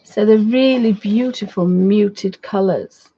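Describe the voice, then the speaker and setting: Woman, livestream art tutor, chatty and easygoing, soft husky voice, slightly dull lo-fi audio. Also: medium pitch, takes it slowly. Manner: chatty, friendly asides to viewers, trailing restarts. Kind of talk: casual live craft demonstration.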